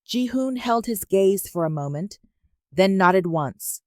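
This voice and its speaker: A woman narrating a romance story in a measured, even reading. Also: medium pitch, dry recording, studio quality.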